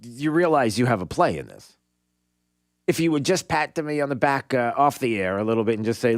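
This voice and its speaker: A man's voice: medium pitch, lively intonation, a little fast, dry recording, studio quality. A man hosting a talk radio show, giving an opinionated monologue in a sarcastic way and bantering with his producer.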